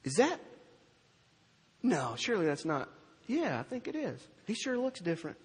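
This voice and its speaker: A preacher doing a gossiping townsperson. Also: male voice, high-pitched, huge pitch swings, normal speed, husky, long reverb tail, exaggerated voice. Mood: musing.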